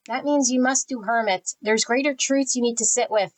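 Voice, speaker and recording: A woman's voice: a little high, moderate pace, few pauses, rough recording. Blunt woman giving a tarot reading. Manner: blunt, spiritual, channels energy. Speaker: tarot reader. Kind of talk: pick-a-card tarot reading.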